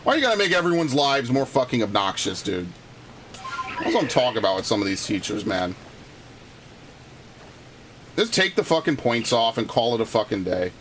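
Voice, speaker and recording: A man's voice: medium pitch, very animated, moderate pace, long pauses, a bit bright, a little hiss or hum. A man streaming a video game, chatting casually and ranting heatedly with lots of swearing and restarts. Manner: profane, heated storytelling with frequent restarts. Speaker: gaming streamer. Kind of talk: casual gameplay commentary and ranting.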